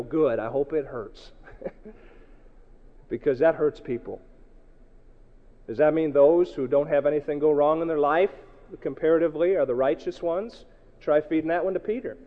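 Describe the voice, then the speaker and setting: High-voiced preacher in an echoey hall. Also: male voice. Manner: emphatic and challenging, swinging between loud outbursts and low asides. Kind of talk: sermon. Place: church hall with a congregation. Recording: echoey hall, dull lo-fi sound.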